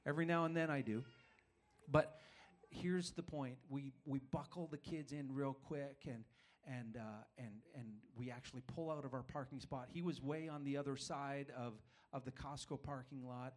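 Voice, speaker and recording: A man's voice: medium pitch, fairly even intonation, moderate pace. A man preaching a sermon, telling a personal story in a self-deprecating way, with frequent restarts. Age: adult father of young children.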